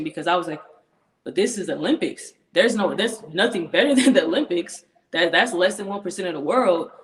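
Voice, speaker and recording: A young woman, a professional football player, talking earnestly as an interview guest, laughing often and repeating herself as she talks. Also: on the low side. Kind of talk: casual interview chat. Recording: echoey room.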